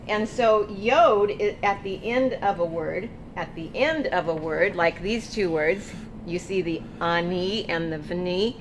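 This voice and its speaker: Slow, patient woman teaching the alphabet. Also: medium pitch, a bit bright, slight background noise. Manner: patient, encouraging, invites practice. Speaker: Hebrew teacher. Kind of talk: alphabet lesson. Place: ministry office.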